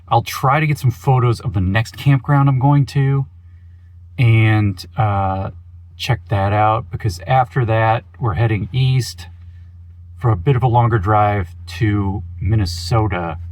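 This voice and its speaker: A man from Oregon giving a casual, rambling video update from inside his van, with goofy self-mocking asides. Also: on the low side. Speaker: van life vlogger.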